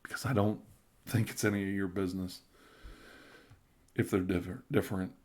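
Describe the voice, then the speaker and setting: A middle-aged ASMR streamer, a bit tipsy, chats casually on a live stream and reads viewer comments. His lowish voice has fairly even intonation at normal speed. He rambles, stammers through restarts, and now and then drifts into soft whispers.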